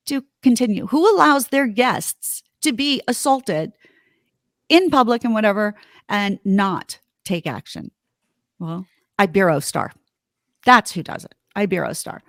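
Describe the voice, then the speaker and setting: A woman's voice: medium pitch, lively intonation, measured pace, fairly bright tone, dry recording, studio quality. A middle-aged woman, a podcast host, telling a story in a heated, indignant way with plenty of swearing. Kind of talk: casual podcast chat.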